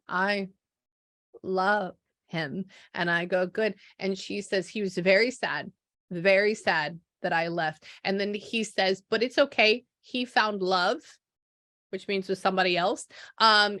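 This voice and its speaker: A woman medium talks through a spirit reading at a middle pitch, busily acting out each exchange with "I go" and "she goes." The sound is dry and close, with no room echo. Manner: animated, acts out quoted dialogue, frequent "I go, she goes". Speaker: psychic medium. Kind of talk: relaying a spirit reading to a client.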